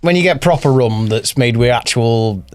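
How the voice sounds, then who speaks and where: A man who is a guest musician, chatting casually in a hesitant way, with many pauses and soft laughs. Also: medium pitch, lively intonation, dry recording. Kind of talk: casual podcast chat.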